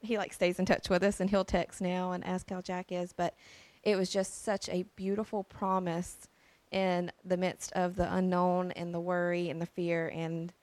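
A woman's voice: fairly low pitch, level tone, moderate pace, a little mellow, no room sound. A young woman telling her personal faith story in a casual, earnest way, with frequent fillers and restarts.

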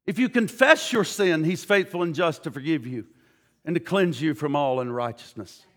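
A man preaches in a church with a high, ringing voice. His delivery is impassioned, climbing to loud, fervent peaks and then dropping to a hushed, pleading tone in prayer, and he often repeats his words as he goes. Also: animated, normal speed, in a large hall. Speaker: pastor. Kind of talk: sermon and altar prayer.

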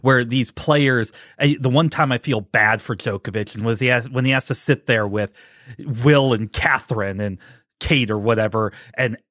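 A man's voice: medium pitch, moderate pace, a bit bright, no echo, clean studio sound. A man co-hosting a casual podcast, blunt and sarcastic, prone to ranting. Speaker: podcast co-host. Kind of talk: casual chat.

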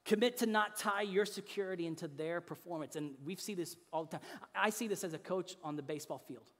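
A man preaching a sermon as pastor, earnest and emphatic, repeating key phrases and dropping soft and low to drive points home. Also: fairly quick. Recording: long hall reverb.

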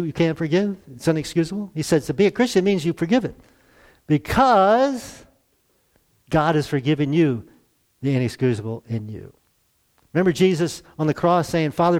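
A man's voice: a little high, darkish tone. Chuckling pastor in his sixties. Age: 60s. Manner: conversational preaching with chuckles and rhetorical questions. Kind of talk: sermon. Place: church.

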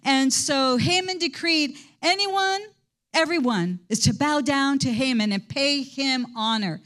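High-voiced woman teaching scripture. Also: measured pace, a bit bright. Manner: enthusiastic, rambling with restarts. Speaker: Bible study teacher. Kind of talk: sermon.

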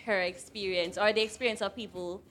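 A woman's voice: medium pitch, steady tone, brisk, crowd noise. A young woman with a Jamaican accent, co-hosting a casual podcast chat and speaking her views emphatically. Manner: opinionated, emphatic. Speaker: podcast co-host.

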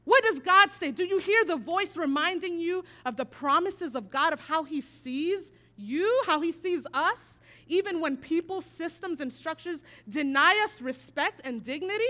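A woman preaching a sermon, telling a personal story and moving from hushed, quiet passages to emphatic declarations. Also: very high voice, animated, unhurried, hardly any pauses.

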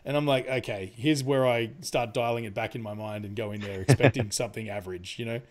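A man's voice: medium pitch, fairly even intonation, fast. Rambling, swearing man reviewing a movie. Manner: rambling, laughs often, swears freely. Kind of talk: casual movie review chat.

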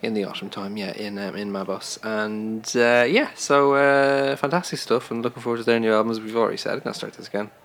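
Gravelly low-voiced podcast host. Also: male voice, a little fast, hardly any pauses, fairly bright tone. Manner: hesitant, lots of "uh" fillers, self-deprecating. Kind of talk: casual podcast chat.

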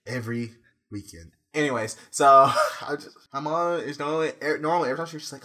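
A young man co-hosting a casual chat, telling an animated story and mimicking his family members. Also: on the high side, fairly quick.

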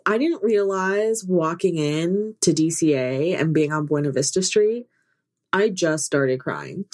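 A woman's voice: lowish voice, unhurried. A woman co-hosting a podcast, telling stories in casual chat with laughs and restarts. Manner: animated storytelling with laughs and restarts. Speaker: podcast co-host.

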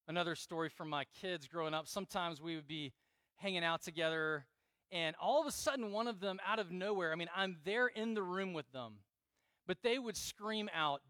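A man's voice: sits high, moderate pace, pushed and bright, no echo. A middle-aged man preaching a sermon as pastor, earnest and repeating key phrases for emphasis. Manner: earnest, repeats key phrases, acts out prayers in dramatic quoted voices.

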